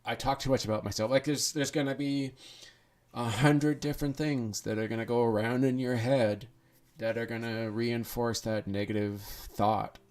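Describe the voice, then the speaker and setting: A man's voice: mid-range voice, level tone, unhurried, darkish tone. A man hosting a podcast, talking in an earnest, rambling monologue full of restarts. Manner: earnest, rambling, with restarts and acted inner thoughts. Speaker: podcast host. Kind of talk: casual monologue.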